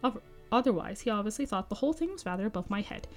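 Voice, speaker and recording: A cheeky, sharp-tongued old hobbit poet, read aloud by a woman with a middling pitch, always putting others in their place with a snarky edge. A storybook reading with soft music faintly underneath. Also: expressive, quick pace, close to an everyday voice. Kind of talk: audiobook-style reading of dialogue.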